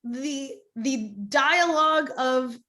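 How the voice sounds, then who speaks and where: A woman pastor chatting on a podcast over a video call. She is animated and rambling, with frequent restarts. Her voice sits a little high. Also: takes it slowly. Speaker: pastor, guest. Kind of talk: casual podcast discussion.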